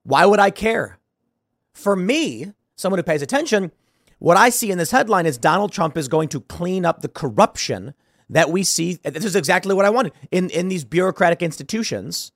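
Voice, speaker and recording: A man's voice: sits high, animated, fairly quick, fairly bright tone, dry recording, studio quality. A man hosting a solo political commentary show, sarcastic and combative, firing off rhetorical questions.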